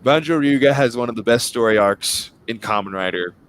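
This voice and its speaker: A man's voice: mid-range voice, brisk, fairly bright tone. A young man co-hosting a casual fan podcast, rambling enthusiastically and tripping over his words. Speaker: podcast co-host.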